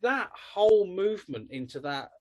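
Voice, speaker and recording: A man's voice: high voice, sing-song, normal speed, darkish tone, highs cut off. A man with a southern English accent, co-hosting a podcast in enthusiastic, chatty talk. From south of England. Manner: enthusiastic, chatty, laughs often. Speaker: podcast co-host. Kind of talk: casual podcast chat.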